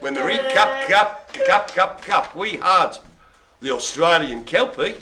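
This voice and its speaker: A man's voice: sits high, lively intonation, measured pace. A man hosting a live bingo show, joking theatrically and often laughing as he calls the cards. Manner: theatrical jokey showman who laughs often. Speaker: host calling dog bingo. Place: room with colleagues present.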